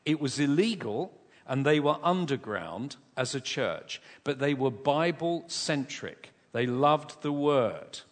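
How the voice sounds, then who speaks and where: A man preaching a sermon in a church, an animated and humorous storyteller who pokes fun at himself. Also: medium pitch, slow pace. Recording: long reverb of a large church.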